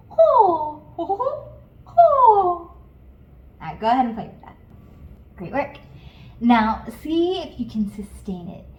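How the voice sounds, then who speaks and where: A woman singing teacher coaching beginners step by step in a calm, encouraging way. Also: mid-range voice, reverberant, poor audio. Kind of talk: guided vocal lesson.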